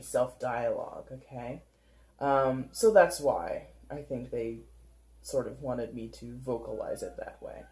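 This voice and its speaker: A tarot reader talks through a card spread in a loose, conversational ramble. The voice is mellow and warm, with plenty of filler words. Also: medium pitch. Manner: chatty, rambling, heavy use of filler 'like'. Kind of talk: casual tarot reading monologue.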